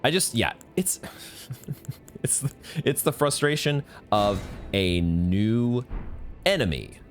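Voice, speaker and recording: A man with a very low voice talks through a hard boss fight, cursing freely and breaking into high, frustrated shouts. Faint game music plays under his commentary at a home desk mic. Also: very animated, takes it slowly. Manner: swears often, bursts into high angry yelling. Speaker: gaming streamer. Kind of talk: live gameplay commentary.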